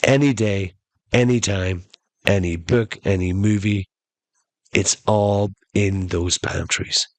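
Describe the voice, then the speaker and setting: A smooth, easygoing genie , put on by a man telling a story. He talks low and unhurried, in a relaxed, pally way. The voice sits close and dry. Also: no room sound. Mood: grand. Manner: casual, calls him "buddy" and "sport". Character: smooth laid-back male genie, chummy.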